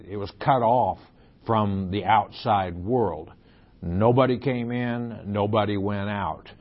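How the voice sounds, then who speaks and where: A man reads Scripture and unpacks it verse by verse in a Bible lecture, taking his time with deliberate explanatory asides. His voice sits a little low and his pace is very unhurried. The recording sounds muffled and lo-fi. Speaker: Bible teacher. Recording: dull lo-fi recording.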